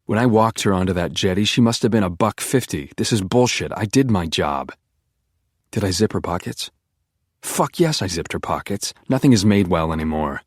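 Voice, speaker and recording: A man's voice: low voice, slightly rough, no room sound, clean studio sound. A man reading a first-person audiobook with an intense, obsessive inner monologue. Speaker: audiobook narrator.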